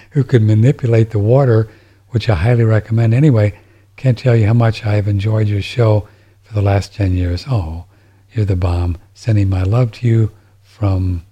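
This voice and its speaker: A man's voice: on the low side, warm tone, slightly rough. A man hosting a podcast from home, reading listener messages and chatting casually, rambling with frequent restarts. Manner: rambling, with many restarts and fillers. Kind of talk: casual chat. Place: home, seated in a chair.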